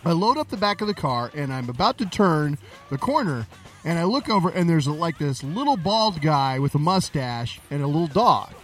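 A man co-hosting a comedy podcast, telling an anecdote in an animated, ranting way during casual banter. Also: on the high side, moderate pace, faint music behind. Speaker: podcast co-host.

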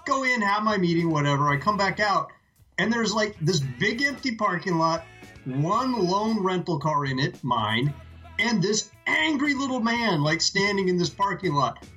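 A man with a bright, somewhat high voice trades wry jokes on a chatty podcast. His speech has a sharp, forward edge, with faint music underneath. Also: very animated, normal speed. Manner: joking, wry asides. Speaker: podcast co-host. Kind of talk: casual comedic banter.

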